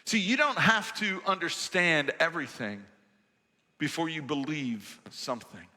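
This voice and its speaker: A male pastor preaching a sermon in a church sanctuary, measured and emphatic with rhetorical questions. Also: fairly high pitch, expressive, bright, forceful tone, long reverb tail.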